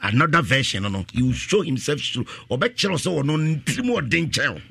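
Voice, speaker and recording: A man preaching with a bright, forceful and slightly husky voice. His pitch leaps widely as he echoes scripture and pushes his appeals to a shout. The sound is dry and close. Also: expressive, fairly quick, few pauses. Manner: repeats each scripture line after the reader, rising to shouted appeals. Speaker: radio preacher. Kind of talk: call-and-response Bible preaching.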